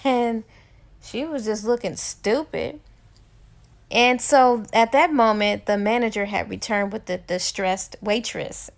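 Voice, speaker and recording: A woman's voice: fairly high pitch, takes it slowly, creaky. A woman giving a casual book recap, chatty and full of fillers. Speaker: book reviewer.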